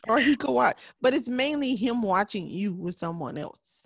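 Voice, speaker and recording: A woman co-hosting a podcast in casual chat, candid and laughing often, sometimes dropping to a soft voice. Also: on the high side, expressive, moderate pace, dry recording. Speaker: podcast co-host.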